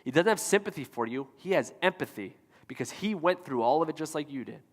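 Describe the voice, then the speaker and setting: A man's voice: fairly high pitch, expressive, brisk, in a large hall. A man pastor delivering a sermon, preaching emphatically and repeating rhetorical questions to the congregation. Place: church auditorium.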